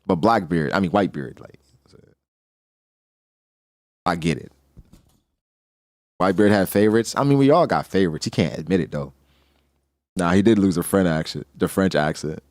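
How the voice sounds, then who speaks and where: A man's voice: deep voice, lively intonation, moderate pace, long pauses, darkish tone, dry recording, studio quality. A man hosting a casual manga reaction, talking animatedly in heavy street slang and laughing often.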